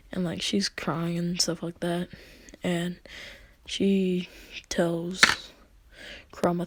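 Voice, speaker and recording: A woman casually retelling a fan story in a rambling way, with fillers and hushed asides. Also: on the low side, steady tone, a little slow, pauses often, breathy edge, dry recording.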